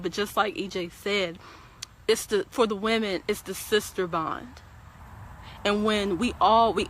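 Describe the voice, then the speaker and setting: This woman has a bright, mid-range voice and a forceful tone. A guest on a livestream talk show, she speaks casually but preachily and emphatically, addressing viewers directly and repeating words as she starts sentences, in an opinionated, laid-back way.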